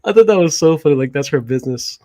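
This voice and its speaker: A man's voice: a little high, lively intonation, fast, dark tone, dry recording. A man co-hosting a casual podcast, chatting about a comedy movie and acting out its lines between laughs. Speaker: podcast co-host.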